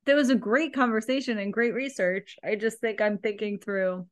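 A woman's voice: a little high, steady tone, moderate pace. A woman co-hosting a podcast in casual chat, self-deprecating and often laughing. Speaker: podcast co-host.

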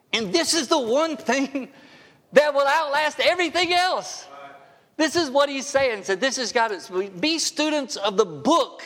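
A man's voice: very high-pitched, pushed and bright. A man in his sixties preaching a sermon in a church sanctuary, conversational with wry asides. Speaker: pastor. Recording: long hall reverb.

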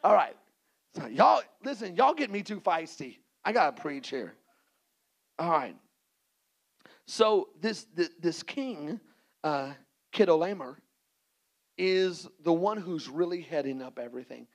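A man preaching a sermon as pastor, animated and playful, acting out little scenes for the congregation. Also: on the high side, a little slow, creaky, long pauses, low-quality recording.

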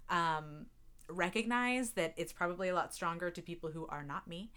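A woman's voice: fairly low pitch, moderate pace, fairly bright tone, clear, resonant tone. A young woman from North Carolina with a mild Southern accent, co-hosting a podcast in playful, joking casual chat. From North Carolina, USA. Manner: playful, joking, laughs often. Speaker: podcast co-host, singer-songwriter.

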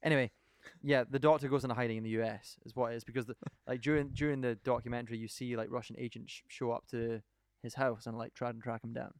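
A man's voice: mid-range voice, flat delivery, quick pace, few pauses, smooth, no room sound, clean studio sound. A man co-hosting a podcast, enthusiastically retelling a documentary in casual chat, rambling from point to point. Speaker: podcast co-host.

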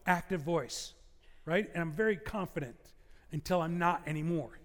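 A man preaching a sermon, conversational and lively, with asides and humor to the congregation. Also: fairly high pitch, normal speed, in a large hall. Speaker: pastor.

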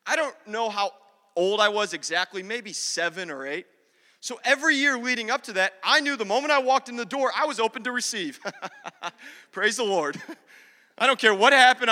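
A man with a high, very bright and sharp voice preaches in a church, mixing humor into his sermon and calling out to the congregation. His words ring out with a long reverb through the hall. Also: brisk. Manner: humorous, talks directly to the congregation. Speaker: pastor. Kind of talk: sermon with personal storytelling.

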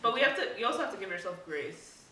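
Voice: medium pitch, big pitch swings, fast. A podcast co-host chatting casually and hesitantly, with plenty of filler words. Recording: roomy, distant, with crowd noise.

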